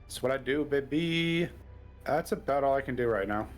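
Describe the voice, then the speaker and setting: A man's voice: medium pitch, normal speed, soft background music. A man playing in a tabletop game, laid-back and playful as he takes his turn. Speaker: player.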